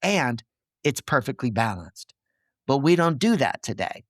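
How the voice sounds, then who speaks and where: A man's voice: mid-range voice, sing-song, unhurried, fairly bright tone. A man with a mid-range voice speaks as a podcast guest, laying out his ideas step by step like a teacher. He keeps checking in with his listener. The recording is dry and close, with no room echo. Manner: didactic, checks in with "okay?" and "right?". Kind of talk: earnest explanatory conversation.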